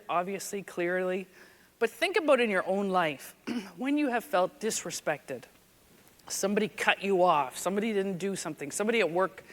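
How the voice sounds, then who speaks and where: A woman speaks from a conference stage in a mid-range voice, telling stories in a lively, chatty way. Her talk rings with the long reverb of a large hall. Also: mid-range voice. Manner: animated, conversational, lively storytelling. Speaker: keynote speaker, former police officer. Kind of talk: conference keynote storytelling.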